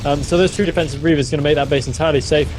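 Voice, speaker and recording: A man casting a live strategy game match, excitable and quick to laugh. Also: on the high side, noisy background. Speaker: esports caster.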